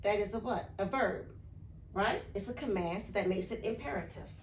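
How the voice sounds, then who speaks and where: A woman's voice: mid-range voice, moderate pace. An American woman teaching English grammar in a recorded video lesson, patient, asking questions and answering them herself. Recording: echoey room, faint background hiss.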